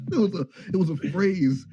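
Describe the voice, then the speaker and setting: A man's voice: high voice, mellow, highs cut off, a little hiss or hum. A man on a livestream wryly telling a story, with asides along the way.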